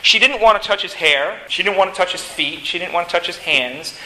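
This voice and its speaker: A male preacher delivering a sermon, animated and emphatic as he teaches. His voice sits high for a man and sounds very bright, even sharp. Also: a little fast, poor audio.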